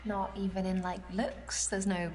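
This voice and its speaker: A woman's voice: medium pitch, little pitch movement, unhurried, a little mellow, close to an everyday voice. An actress playing a curious woman on a blind date, asking probing, lightly teasing questions. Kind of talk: dating game dialogue. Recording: distant game audio.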